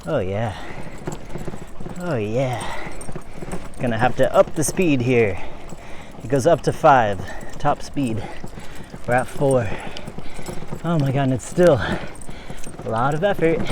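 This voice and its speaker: A cycling vlogger talks to the phone camera he holds while riding uphill outdoors, chatty, laughing, and out of breath. His voice is medium-pitched, with background noise behind it.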